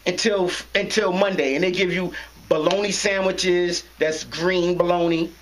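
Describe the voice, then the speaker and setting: A man telling a street story in a casual interview, animated and slangy, acting out the voices in it. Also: high-pitched, a little slow, poor audio. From New York. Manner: animated, slangy, acts out dialogue, laughs often.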